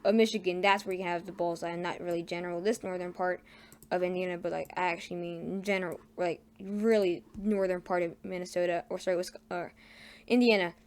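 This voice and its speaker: Woman, amateur forecaster, clear tone with little pitch movement, hesitant and self-correcting delivery. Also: steady tone, darkish tone. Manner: halting, frequent fillers and self-corrections. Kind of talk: casual weather forecast over radar maps.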